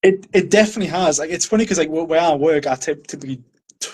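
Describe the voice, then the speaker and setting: A man's voice: on the high side, quick pace, a little mellow, breathy edge. Light-voiced Geordie man, giggly. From Newcastle, England. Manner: laughs between phrases, stumbles and restarts. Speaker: podcast guest. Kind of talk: casual chat.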